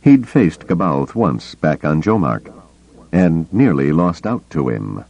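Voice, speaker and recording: A man narrating an audiobook in a slow, deliberate reading. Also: a bass voice, big pitch swings, vocal fry, a little mellow. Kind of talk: scripted narration. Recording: dull lo-fi cassette tape.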